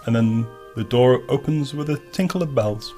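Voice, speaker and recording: A man's voice: mid-range voice, normal speed, dark tone, soft background music. A man narrating as game master of a tabletop game, rambling with many restarts and fillers.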